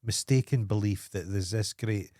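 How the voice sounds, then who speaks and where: A man's voice: on the low side, moderate pace, warm tone, no room sound. A man from Scotland with a Scottish accent, co-hosting a podcast with dry, teasing banter. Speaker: podcast co-host. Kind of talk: casual chat.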